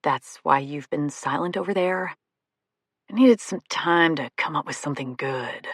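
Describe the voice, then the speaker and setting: A woman's voice: sits low, moderate pace, husky, no room sound, clean studio sound. A woman doing a smug, teasing young male doctor.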